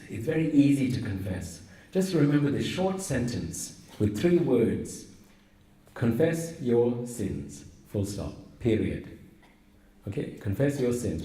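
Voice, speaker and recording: A priest giving a humorous sermon, teasing with rhetorical questions. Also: male voice, medium pitch, warm tone, far from the mic. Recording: roomy echo, voice from afar.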